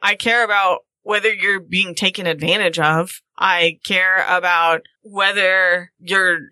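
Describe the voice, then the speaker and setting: Bright-voiced woman, exasperated player. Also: fairly low pitch, fairly even intonation, measured pace, no echo. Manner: exasperated, lecturing. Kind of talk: in-character role-play.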